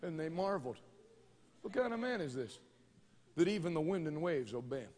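A man preaching a fervent sermon, moving between quiet storytelling and loud, rousing declarations. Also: a little high, sing-song, fairly quick. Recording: church hall reverb.

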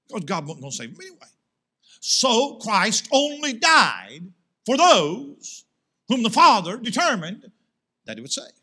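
In church, a male pastor preaches a sermon to his congregation in a high voice, posing rhetorical questions and rising into loud, emphatic swells.

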